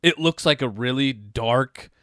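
A man's voice: mid-range voice, measured pace, sharp tone, clean tone, dry recording, studio quality. A man co-hosting a casual movie trailer podcast, ranting with profane exasperation. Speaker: podcast co-host.

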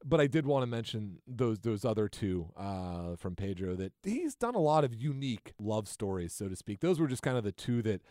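A man's voice: on the low side, big pitch swings, normal speed, few pauses, mellow, dry recording, studio quality. A man co-hosting a podcast, chatting casually and enthusiastically about movies with frequent restarts. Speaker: podcast co-host.

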